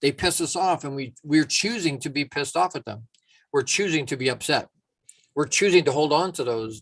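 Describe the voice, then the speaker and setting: Brief: male motivational speaker, mid-pitch, dry close mic, lively storyteller. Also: no room sound. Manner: animated storyteller, acting out quotes. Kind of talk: casual motivational talk.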